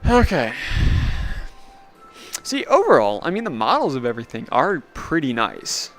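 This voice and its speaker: A man's voice: medium pitch, huge pitch swings, normal speed, fairly bright tone, faint music behind. A young man streaming a video game, rambling casually, laughing often and mocking himself. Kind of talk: casual gaming commentary.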